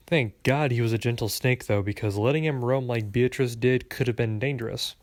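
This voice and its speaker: A man's voice: medium pitch, a little fast, hardly any pauses, dry recording. A man reading a first-person story aloud with a wry, sarcastic delivery. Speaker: audiobook narrator.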